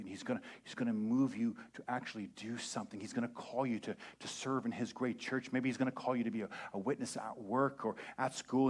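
Pastor, male, young adult, animated sermon delivery with mid pitch, acts out voices. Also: husky.

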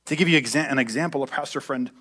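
A pastor delivering a sermon at a church service in a conversational style, slipping in joking asides. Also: male voice, mid-range voice, rapid-fire, bright, forceful tone, breathy edge.

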